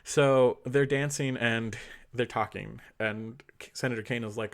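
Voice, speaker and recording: A man's voice: medium pitch, steady tone, moderate pace. A man co-hosting a podcast, casually recapping a story with laughter and acting out the characters' lines. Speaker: podcast co-host.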